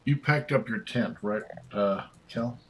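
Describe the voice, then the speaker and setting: A man's voice: on the low side, unhurried, slight background noise, low-quality recording. A man narrating as dungeon master, in a laid-back way with frequent laughter. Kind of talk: narrating a tabletop game.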